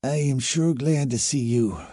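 A man voicing a hurt, hoarse young woman on a spacewalk, croaking out strained, clipped lines. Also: mid-range voice, a little slow, dark tone, no echo, studio quality. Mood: relieved.

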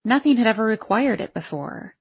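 Woman audiobook narrator, wry first-person teen voice, breathy, muffled lo-fi sound. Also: on the high side, animated, brisk.

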